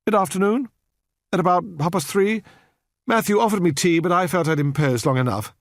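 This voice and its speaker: A woman's voice: fairly low pitch, fairly quick, dry recording, clean studio sound, voice pushed up, close to an everyday voice. A male narrator voicing a prim, courteous elderly woman with a southern English accent, formal and old-fashioned in her speech. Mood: gracious. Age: older.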